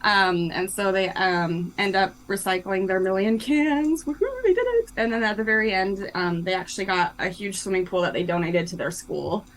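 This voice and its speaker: A woman's voice: mid-range voice, steady tone, moderate pace, few pauses, fairly bright tone, a little hiss or hum, low-quality recording. A young woman being interviewed about her children's book, talking casually and cheerfully with lots of "um" and "like". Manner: chatty and upbeat, many fillers like "um" and "like". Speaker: guest, children's book co-author.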